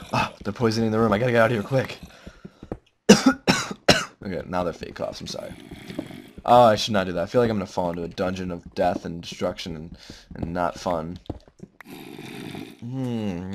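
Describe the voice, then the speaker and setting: A man with a fairly low voice talks through a video game in a rambling, jokey way. He turns melodramatic and lets out loud sudden yelps. Faint noise sits under the recording. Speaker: gamer. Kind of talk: let's play commentary.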